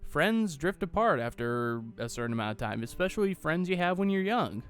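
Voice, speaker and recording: A man's voice: a little high, sing-song, a little fast, a bit bright, smooth, soft background music. A young man from Austin, Texas giving a sarcastic, exasperated solo movie rant, swearing freely. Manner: mocks dialogue in silly voices. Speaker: movie reviewer. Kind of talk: ranting solo commentary.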